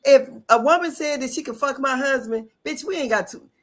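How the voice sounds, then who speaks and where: A woman's voice: high voice, brisk. A woman co-hosting a casual podcast chat, blunt and swearing freely. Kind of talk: casual chat about reality TV.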